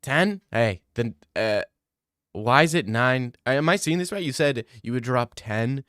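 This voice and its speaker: A young man chatting on stream, rambling through jokes and restarts while reacting to chat. His pitch sits mid-range. The desk-mic sound is close and dry. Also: lively intonation, unhurried, fairly bright tone, smooth, no echo. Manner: rambling, joking, many restarts. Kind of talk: casual stream chat reading donations.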